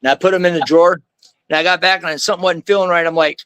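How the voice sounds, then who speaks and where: Chatty higher-voiced man telling a story. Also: fairly even intonation, very fast, fairly bright tone. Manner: rambling, slangy, peppered with "man" and "like". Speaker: guest sharing a faith testimony. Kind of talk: casual storytelling.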